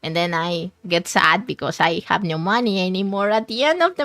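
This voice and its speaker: A woman's voice: lowish voice, brisk, few pauses, a bit bright, no room sound. A woman VTuber chatting casually with her stream chat in a rambling, giggly way, often restarting her words, at a desk mic.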